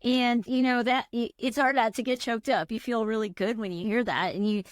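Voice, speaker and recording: A woman's voice: fairly high pitch, steady tone, a little fast, dry recording, clean studio sound. A woman plastic surgeon hosting a casual podcast, telling patient stories in a reflective, talkative way with many fillers. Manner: warm, reflective storytelling with frequent fillers.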